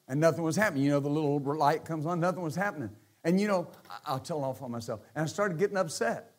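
A man preaching a sermon as pastor, animated and joking, swinging from quiet asides to shouts. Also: fairly high pitch, fast.

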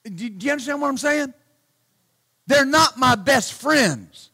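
A male pastor preaching a sermon bluntly and emphatically, often saying hallelujah and shouting his key points. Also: very high voice, expressive, unhurried.

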